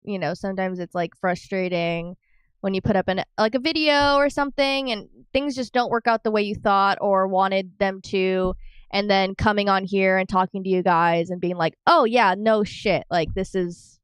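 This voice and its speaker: A woman's voice: mid-range voice, normal speed, clear, resonant tone, dry recording. A woman co-hosting a podcast in casual chat, easygoing and using lots of fillers. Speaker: podcast co-host.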